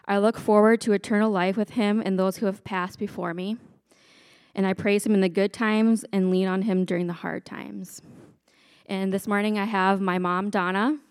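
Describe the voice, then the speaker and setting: Woman telling her faith story, earnest, dry sound, mid-pitched voice. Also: smooth, no room sound. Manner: sincere, earnest. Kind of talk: personal faith testimony.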